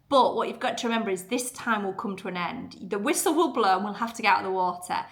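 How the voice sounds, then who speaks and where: A woman's voice: medium pitch, animated, fast talker, fairly bright tone. A woman, giving an earnest, chatty motivational talk as a podcast host. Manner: chatty, earnest, lots of fillers.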